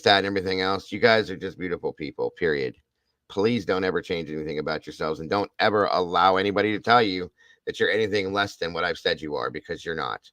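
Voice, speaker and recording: Livestream host, male, very low voice, gushing and heartfelt, close dry mic. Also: pushed and bright, no echo. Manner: emotional, effusive, repeats thanks and praise. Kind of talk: casual livestream chat thanking viewers.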